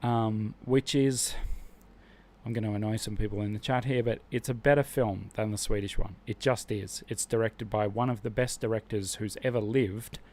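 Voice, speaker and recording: A man's voice: fairly low pitch, steady tone, normal speed, a little mellow. Opinionated man chatting on a stream. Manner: opinionated, rambling with frequent restarts. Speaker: live-stream host. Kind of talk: casual live-stream chat.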